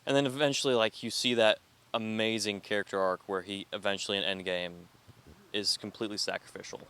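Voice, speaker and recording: Bright, clear-voiced young man chatting. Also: lowish voice, a little fast. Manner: animated storyteller, quotes movie lines. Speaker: podcast co-host. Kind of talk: casual chat.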